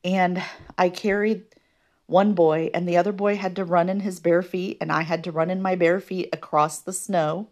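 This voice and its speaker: A woman hosting a podcast, telling a personal story in a hesitant way with many pauses and ums. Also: on the low side, steady tone, darkish tone. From American Midwest. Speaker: podcast host.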